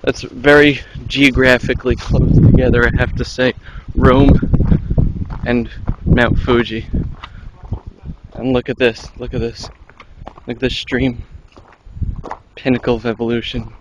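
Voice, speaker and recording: A man's voice: mid-range voice, little pitch movement, unhurried, very noisy. A young man vlogging with dry, joking commentary while walking outdoors at an orchard, on a handheld camera mic. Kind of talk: casual outdoor vlog.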